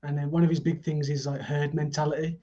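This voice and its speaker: A man's voice: on the high side, level tone, quick pace, warm tone, lo-fi sound. A man being interviewed as a guest, talking in an easygoing, reflective way. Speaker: festival organiser and guest. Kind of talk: casual interview chat.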